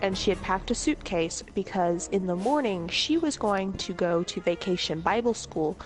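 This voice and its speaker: A woman's voice: medium pitch, lively intonation, moderate pace, faint music behind. A woman telling comedic stories in a casual, rambling way, laughing often and swearing freely. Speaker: storyteller host.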